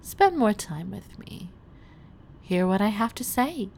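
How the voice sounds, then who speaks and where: A woman's voice: mid-range voice, very animated, slow pace, creaky, a little mellow, slight background noise. A woman playing a seductive detainee who teases and commands an officer in erotic role-play narration. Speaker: erotic audio performer.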